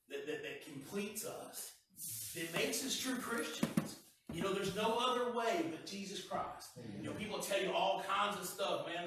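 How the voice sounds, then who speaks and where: A man's voice: a little high, a bit bright, a little hiss or hum. A male pastor preaching a sermon in a folksy, conversational way, often repeating words. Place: church sanctuary. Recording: echoey church heard from a distance.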